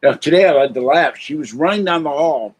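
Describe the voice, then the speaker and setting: A man's voice: on the high side, expressive, a little fast, slightly rough, lo-fi sound. An older man chatting casually on a live stream from home, rambling between answers and cooing at his cats.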